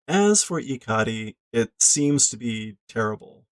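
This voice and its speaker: A man casually reading through a manga as a language learner, translating aloud in a slow, halting, think-out-loud way. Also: medium pitch, lively intonation.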